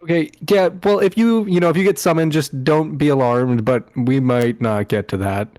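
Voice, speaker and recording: Man as a hurried, sheepish woman on the phone, barely changed voice, tabletop game. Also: fairly high pitch, darkish tone, voice pushed up, lightly acted.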